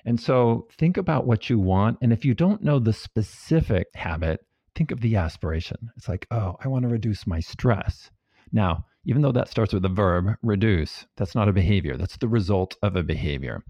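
A man being interviewed as a guest, calmly and patiently explaining ideas with everyday examples. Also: fairly low pitch, moderate pace, no echo. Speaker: guest, habits researcher. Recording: dull, dry, lo-fi sound.

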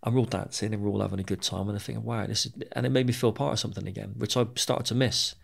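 A man's voice: fairly low pitch, fairly even intonation, racing, gravelly. A British man and former soldier, telling his own story in an interview, candid and plain-spoken, with frequent swearing and repeated words. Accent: British English.

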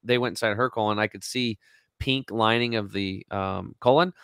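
A man's voice: fairly low pitch, normal speed, clean tone, no room sound, clean studio sound. A man in his forties, a guest in an interview, telling a story with lots of energy and acting out what people said. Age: 40s. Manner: energetic, acts out quotes.

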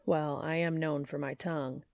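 A woman voicing a gruff, sardonic young man in a read-aloud story. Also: low voice, fairly even intonation, normal speed, darkish tone, no echo. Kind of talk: fan fiction audiobook reading.

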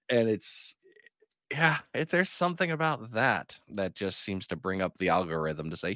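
A man's voice: lowish voice, moderate pace, pushed and bright, no echo, clean studio sound. A man hosting a fishing podcast, asking questions in casual chat and freely teasing and joking in a blunt way. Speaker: podcast host.

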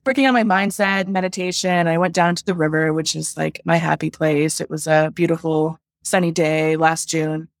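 A woman's voice: sits low, little pitch movement, normal speed, gravelly, hardly any pauses, no echo, studio quality. A woman working as a love coach, telling her story in a casual interview, chatty and full of "like", acting out her own past thoughts.

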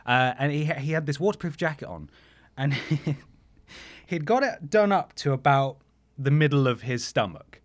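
A young man telling a story on a podcast, his pitch rising and falling in a lively way. He talks casually and mockingly about himself. He acts out the lines of the people in his story. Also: unhurried. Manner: animated, self-mocking, acts out quotes. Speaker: podcast host.

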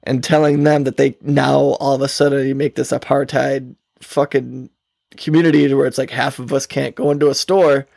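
A man's voice: mid-range voice, flat delivery, moderate pace, creaky, a little mellow, no echo, clean studio sound. A man co-hosting a podcast, rambling through casual talk with frequent swearing and laughter. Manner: rambling, profane, laughs often. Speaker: podcast co-host.

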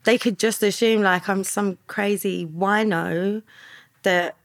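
A woman telling her story as a guest in a candid podcast interview, earnest and soft-spoken, often trailing off into quiet asides. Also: medium pitch, fairly even intonation, takes it slowly.

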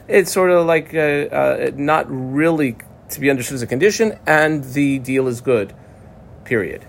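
A man's voice: medium pitch, a little hiss or hum. A man teaching a Talmud lesson in a casual, chatty way, explaining and translating terms with many fillers and restarts.

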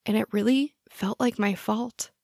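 A woman narrating a true-crime story in a measured, personal scripted style. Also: mid-range voice, fairly even intonation, gravelly, darkish tone, no echo, studio quality.

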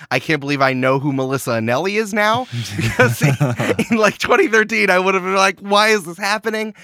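Man, podcast guest, jokey, bright tone, dry close mic. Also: medium pitch, no echo. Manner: jokey, animated, laughing often. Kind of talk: casual podcast chat.

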